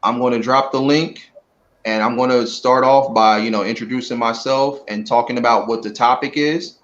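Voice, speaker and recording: A man's voice: medium pitch, fairly even intonation, moderate pace, a bit bright. Earnest man on dull lo-fi audio. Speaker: guest, gamer and streamer. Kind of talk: casual live-stream interview.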